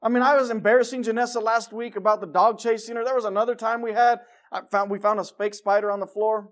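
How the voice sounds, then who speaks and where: A middle-aged man preaching a sermon in a church, emphatic and exhorting, with lively stories and asides. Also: high voice, fast talker. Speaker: pastor. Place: church sanctuary.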